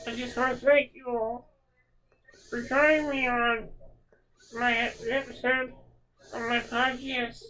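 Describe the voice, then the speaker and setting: A woman's voice: fairly high pitch, little pitch movement, takes it slowly, pauses often, a bit bright, a little hiss or hum, low-quality recording. A woman hosting a podcast, talking in an emotional, heartfelt way and repeating words for emphasis. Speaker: podcast host. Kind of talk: reflective podcast monologue.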